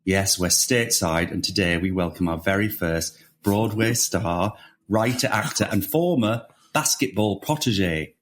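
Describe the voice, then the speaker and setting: Deep-voiced podcast host. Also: male voice, measured pace, a bit bright. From England, Wakefield. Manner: jokey, self-mocking banter. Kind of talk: casual chat.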